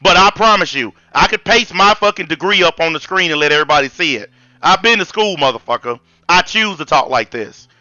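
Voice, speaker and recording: A brash Southern man, high and bright. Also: animated, a little fast, dry recording, lo-fi sound. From American South. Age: 40s. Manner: blunt, profane, combative ranting. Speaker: channel host. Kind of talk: heated live-stream debate.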